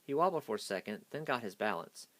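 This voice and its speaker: A man's voice: mid-range voice, expressive, quick pace, a bit bright, no room sound. A man hastily reading a children's picture book aloud. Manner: hasty reading. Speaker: storyteller.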